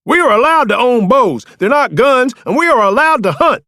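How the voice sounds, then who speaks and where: A man's voice: very high-pitched, sing-song, moderate pace, bright, forceful tone, no echo, clean studio sound, pitched above the performer's own voice, full character voice. A man voicing a small, scrawny male hunter who demands answers indignantly.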